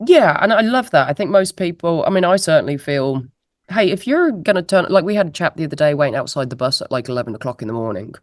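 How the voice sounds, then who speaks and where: In this casual interview, a guest musician talks fast in a low-sitting voice with lively intonation, laughing and joking about herself. Though it's a laptop mic on a video call, the recording is dry and studio quality.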